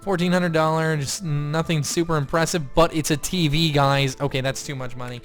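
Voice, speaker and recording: A young man giving excitable let's-play commentary, gushing loudly one moment and muttering the next. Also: a little high, normal speed, faint music behind. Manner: excitable, gushing, swings between loud outbursts and quiet mutters. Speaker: gaming YouTuber.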